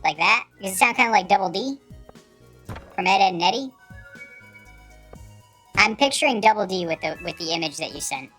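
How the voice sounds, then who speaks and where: Squeaky voice-changed streamer, a man behind it. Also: expressive, moderate pace, long pauses, pushed and bright, soft background music. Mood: goofy. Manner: goofy, trying out silly impressions. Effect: pitch-raising voice changer.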